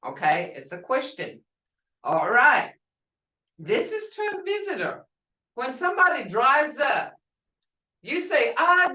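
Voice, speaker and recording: A woman teaching a language class over a video call, slowly and patiently repeating phrases for her students. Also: a little high, fairly bright tone. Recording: echoey room, distant mic.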